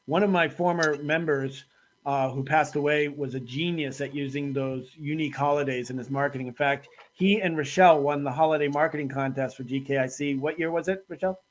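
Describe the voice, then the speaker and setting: A man's voice: on the high side, steady tone, fairly quick, low-quality recording. Man hosting a casual panel. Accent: Boston. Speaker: host.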